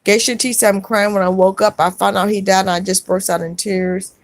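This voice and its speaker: Soft-spoken woman reading live chat. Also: medium pitch, flat delivery, fairly quick, dry recording. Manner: soft-spoken, consoling, calls viewers sweetheart and baby.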